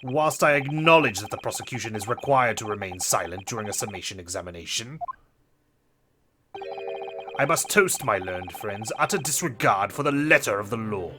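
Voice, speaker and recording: A man's voice: on the low side, lively intonation, normal speed, background noise, voice pushed down, natural voice. A man voicing a haughty aristocratic British prosecutor, reading game dialogue over background music. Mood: disdainful.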